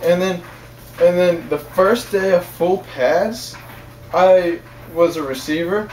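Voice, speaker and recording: A man's voice: high voice, slow pace. A young man telling a casual story in a rambling, repetitive way, chuckling as he talks. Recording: echoey room, far from mic, faint noise.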